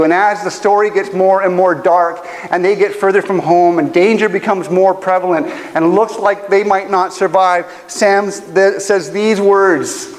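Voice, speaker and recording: A man's voice: high-pitched, steady tone, unhurried, hardly any pauses. A man preaching a sermon as pastor, telling stories in an earnest, emotional way. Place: church auditorium. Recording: long church hall reverb, faint ambience.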